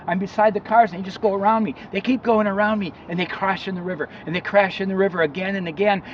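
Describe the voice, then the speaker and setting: A man giving an earnest motivational talk about recovery, telling a parable and acting out the shouts in it. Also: sits high, quick pace, hardly any pauses, recorded from a distance, lo-fi sound, a little hiss or hum. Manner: earnest, acts out shouts in his story. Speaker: recovery counselor.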